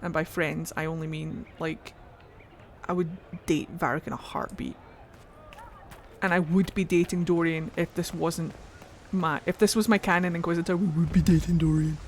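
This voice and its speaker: A woman streaming a game playthrough, chatting excitedly and gushing about characters. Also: on the low side, normal speed, slight background noise.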